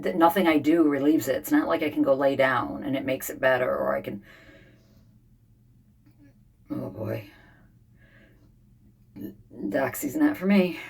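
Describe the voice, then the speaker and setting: A woman in her fifties, unwell and frustrated, talking in a rambling, weary way with many pauses in a casual diary vlog from a home sauna. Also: deep voice, vocal fry, darkish tone, slightly rough. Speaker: vlogger.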